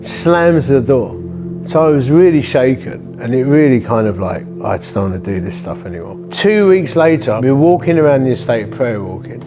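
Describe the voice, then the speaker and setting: A man's voice: medium pitch, lively intonation, normal speed, music in the background. A man, a church-planting vicar, telling a personal story in a conversational, vivid way and acting out the voices. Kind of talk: storytelling testimony.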